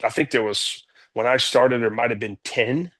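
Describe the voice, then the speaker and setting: A man, a company CEO, telling stories as a guest in a casual interview, energetic and blunt, swearing freely. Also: mid-range voice, normal speed.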